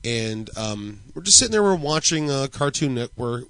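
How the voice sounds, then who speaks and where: A man's voice: medium pitch, sing-song, normal speed, fairly bright tone, clear, resonant tone, no echo, poor audio. A man in his thirties, a podcast co-host, telling a story in crude, joking casual chat.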